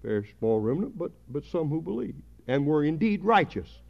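A man preaching a sermon at a church service, emphatic, swelling louder on key words. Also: fairly high pitch, big pitch swings, moderate pace, creaky. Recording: dull lo-fi sermon recording.

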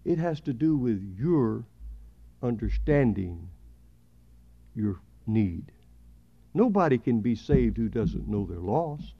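A man preaching a sermon at a church service, emphatic, swelling louder on key words. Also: medium pitch. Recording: dull lo-fi sermon recording.

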